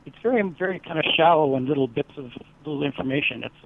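Male teacher, slightly high, gravelly, dry phone-line sound, earnest and rambling. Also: fast, a little hiss or hum. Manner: earnest, rambling with many fillers. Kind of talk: casual interview talk.

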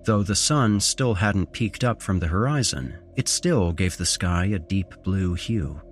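A man narrating a first-person horror story as a podcast host, with measured pacing and dramatic shifts in intonation. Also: low-pitched, lively intonation, soft background music.

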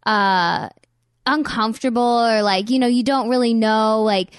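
A woman's voice: a little high, measured pace, smooth, no echo, studio quality. Gushing young woman podcast host. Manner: warm, gushing, lots of "like" fillers. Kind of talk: casual interview chat.

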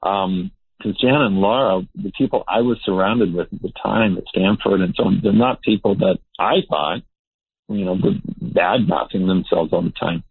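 A male researcher talks through his ideas in an earnest, emphatic way. His voice is husky and lowish. It comes over a tinny, phone-like line. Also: moderate pace, no echo. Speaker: behavior researcher. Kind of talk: interview guest explaining.

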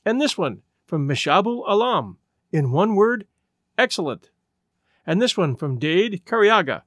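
A man narrating classic short stories for his podcast, reading in a measured, expressive way, then thanking listeners in a relaxed, friendly tone. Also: high-pitched, no room sound, studio quality. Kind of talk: storybook narration and podcast sign-off.

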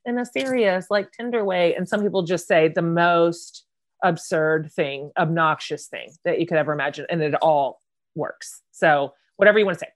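A woman hosting a podcast interview, upbeat and quick to laugh. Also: lowish voice. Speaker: podcast host. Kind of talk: casual chat.

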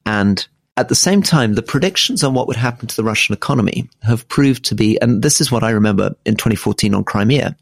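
A middle-aged man co-hosting a political podcast, explaining current affairs in a measured way with frequent restarts. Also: fairly low pitch, lively intonation, vocal fry, no echo, studio quality. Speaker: podcast co-host. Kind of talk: casual political discussion.

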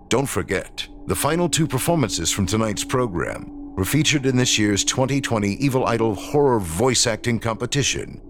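A man hosting a horror podcast, reading a scripted outro in a smooth announcer manner with a dramatic, drawn-out sign-off. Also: on the low side, a little hiss or hum. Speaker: podcast host.

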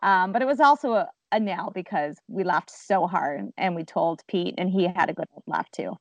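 Animated woman telling a story. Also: fairly low pitch, normal speed, no echo. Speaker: podcast co-host. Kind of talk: casual chat.

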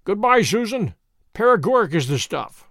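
A sharp, dry-witted detective who questions people crisply and teasingly, as a man voices him. His voice runs high and lively. The sound is dry and close. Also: normal speed, dry recording.

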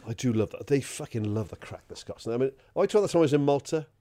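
Swearing podcast co-host telling a story. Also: male voice, mid-range voice, expressive, fast talker, dark tone. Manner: swears freely, laughs through his story. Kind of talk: casual anecdote telling.

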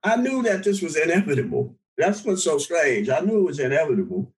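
An older man telling his life story in a relaxed interview, with many restarts and small chuckles. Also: fairly high pitch, fairly quick, rough recording. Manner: conversational, with frequent restarts and chuckles. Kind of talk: recalling his past in an interview.

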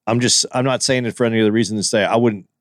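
A man's voice: on the low side, fairly even intonation, racing, no echo, clean studio sound. A man co-hosting a podcast, talking in an earnest, hesitant way with frequent restarts. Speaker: podcast co-host. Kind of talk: casual podcast chat.

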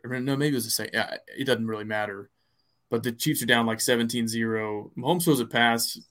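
A man's voice: mid-range voice, a little fast, fairly bright tone. Rambling man in casual sports chat. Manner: rambling, many fillers and restarts. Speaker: podcast co-host.

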